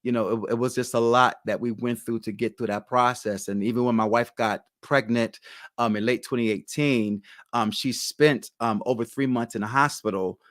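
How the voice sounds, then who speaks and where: A man who is a pastor, sharing his personal faith testimony in an earnest, halting way full of ums. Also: medium pitch, steady tone, fairly bright tone, dry recording, studio quality. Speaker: pastor, guest.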